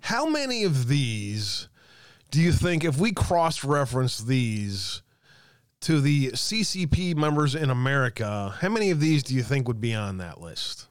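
A man's voice: medium pitch, very animated, a little slow, smooth, no echo, clean studio sound. A man hosting an online commentary show, ranting sarcastically and reading aloud from a website with muttered asides and casual swearing. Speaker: host of a political commentary show.

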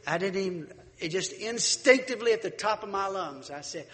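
Male preacher, folksy storyteller, slightly high, reverberant church hall. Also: a little fast. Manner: folksy, animated storyteller who acts out voices. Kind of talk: sermon with a storytelling anecdote.

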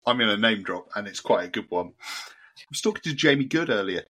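Male winemaker co-host, relaxed and rambling, bright voice. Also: on the low side, fairly quick. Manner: easygoing, rambling, many ums. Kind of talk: casual banter.

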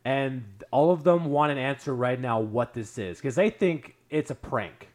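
A man's voice: mid-range voice, unhurried, a little mellow. A man on a podcast casually telling a long anecdote, rambling with lots of fillers and restarts. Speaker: podcast storyteller.

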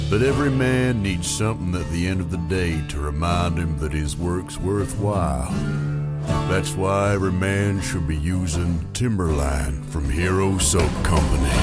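Deep, slow rugged cowboy announcer done by a man, mock ad over loud guitar. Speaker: ad voiceover. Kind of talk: mock rugged soap commercial. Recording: guitar music behind.

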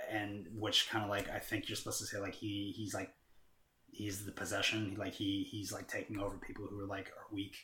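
A man chatting casually with a lowish voice, rambling through his story with plenty of fillers and easy swearing. He sounds like he is in a roomy, echoey space. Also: completely flat delivery, a little fast, bright, forceful tone, slight background noise. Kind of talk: casual chat. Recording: roomy echo.

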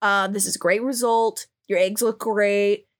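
A woman's voice: medium pitch, fairly even intonation, a little slow, lightly acted. A woman voicing a pleased, businesslike male tentacle monster in a matter-of-fact tone. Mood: approving.

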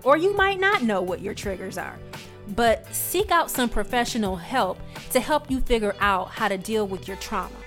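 A woman giving a sassy, emphatic motivational pep talk as a podcast host. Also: mid-range voice. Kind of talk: motivational monologue.

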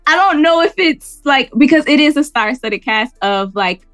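A woman's voice: high-pitched, expressive, moderate pace, a bit bright, no room sound, soft background music. A woman co-hosting a podcast, chatting casually and laughing often. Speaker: podcast co-host. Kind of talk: casual chat.

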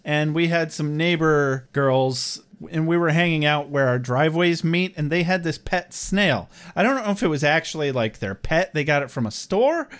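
This man has a notably high voice and talks in a relaxed, chatty way. He co-hosts a podcast that recaps TV shows. He tells his stories with energy and laughs often between lines. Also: moderate pace, hardly any pauses, clean tone. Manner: animated storyteller, laughs often, acts out quoted voices. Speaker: podcast co-host. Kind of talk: casual chat recapping a TV episode.

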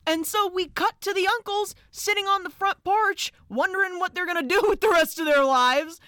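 A woman co-hosting a podcast, chatting about a film with expressive, laughing reactions. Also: extremely high pitch, moderate pace, no echo, studio quality. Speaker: podcast co-host. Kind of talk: casual chat recapping a film.

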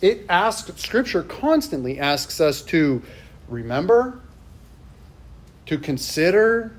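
A man's voice: high-pitched, big pitch swings, slow pace. A middle-aged male pastor giving a sermon in a church, telling a personal story in a conversational way with self-deprecating asides.

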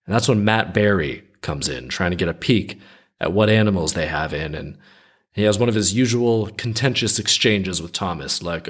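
A man's voice: deep voice, animated, moderate pace, slightly rough. A man hosting a podcast, retelling a story in a chatty, conversational way. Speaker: podcast host.

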